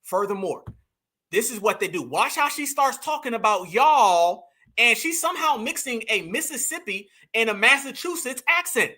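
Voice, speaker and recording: Man, bright forceful voice, animated reaction commentary host. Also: very high-pitched, normal speed. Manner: animated, preachy, calls audience "fam", mocks voices.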